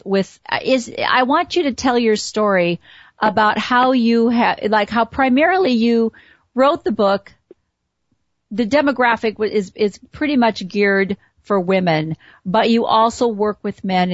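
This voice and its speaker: A woman's voice: mid-range voice, no room sound, dull audio. A woman hosting an interview, asking long, rambling questions with many restarts. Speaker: interview host.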